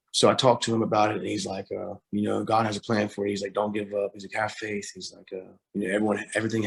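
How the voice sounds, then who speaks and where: A young man, a guest on a talk show, telling a hard personal story, halting with fillers and restarts, close to tears at times. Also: on the low side. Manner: halting, with many fillers and repeated starts.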